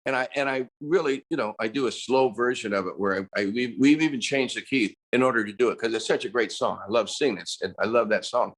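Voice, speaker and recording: An American man in his seventies, a musician talking casually in an interview, animated and breaking into bursts of singing and screaming. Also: mid-range voice, fast, few pauses. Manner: animated storyteller, bursts into sung screams and imitated voices. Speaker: musician guest.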